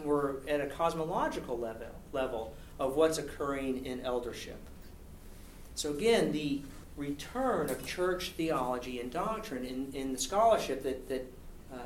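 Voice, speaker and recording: A university lecturer giving an academic talk with slides, posing rhetorical questions and often tagging on "right?". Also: mid-range voice. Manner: poses rhetorical questions, frequent "right?" tag. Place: lecture hall at a podium. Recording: echoey hall, distant mic, faint hiss.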